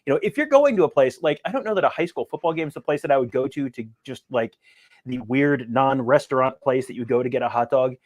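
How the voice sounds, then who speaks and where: A man co-hosting a sports podcast in casual chat, telling stories in an animated, self-amused way. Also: mid-range voice, fast talker. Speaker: podcast co-host.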